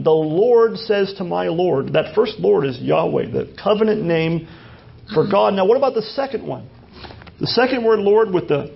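A man's voice: fairly high pitch, creaky. A man preaching a sermon as pastor, teaching through a passage, repeating phrases and asking rhetorical questions. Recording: dull lo-fi sermon recording.

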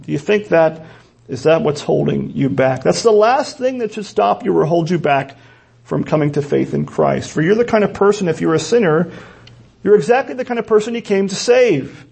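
A man's voice: a little high, animated, normal speed, gravelly, darkish tone, breathy edge. A man preaching a sermon in an earnest, emphatic way, often repeating key words for stress. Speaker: pastor.

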